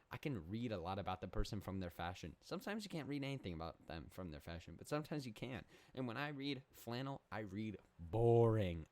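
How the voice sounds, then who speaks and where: A young man hosting a comedic solo podcast, rambling in a mock-serious way and correcting himself as he goes. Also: medium pitch. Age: young adult. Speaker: podcast host.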